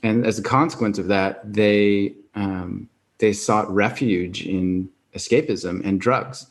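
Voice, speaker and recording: A man's voice: on the low side, steady tone, slow pace. A man hosting a podcast interview, reflective and thoughtful, summing up what his guest says. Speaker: podcast host. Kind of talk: conversational interview.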